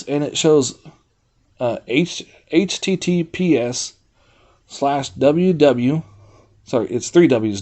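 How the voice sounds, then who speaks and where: A man streaming and chatting casually with his viewers, rambling, reading a website aloud and breaking into swearing outbursts. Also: fairly high pitch. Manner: rambling, reads website aloud, talks to chat; swears freely, animated outbursts. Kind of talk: casual livestream chat.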